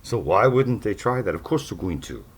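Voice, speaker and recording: Low-voiced man, sarcastic, lively pitch. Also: moderate pace, slightly rough. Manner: sarcastic, rambling, with mocking asides. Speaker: podcast host. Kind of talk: casual monologue to listeners.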